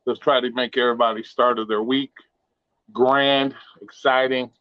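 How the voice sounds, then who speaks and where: A man's voice: medium pitch, little pitch movement, normal speed, no echo. Man rambling casually on a lo-fi stream. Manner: loose, profane, rambling. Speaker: live stream host. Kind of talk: casual livestream chat. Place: home bedroom. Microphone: modest home mic. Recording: dull lo-fi home stream audio.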